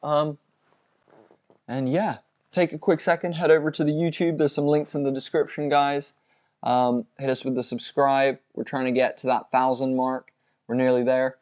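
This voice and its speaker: A man's voice: mid-range voice, flat delivery, moderate pace, darkish tone. A man co-hosting a fight watch-along stream, signing off with rambling, effusive thanks and plenty of fillers. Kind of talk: casual livestream sign-off chat.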